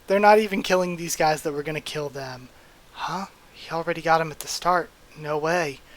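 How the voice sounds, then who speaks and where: A young man doing an excited, hyped manga readthrough with casual commentary. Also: fairly high pitch, moderate pace. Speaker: YouTube reader.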